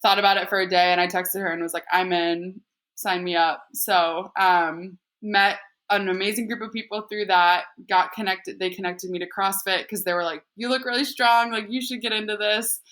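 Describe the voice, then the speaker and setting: A woman's voice: lowish voice, level tone, moderate pace, a bit bright. A woman guest on a podcast, chatting casually and laughing often, with a lot of "like" in her speech. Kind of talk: casual chat.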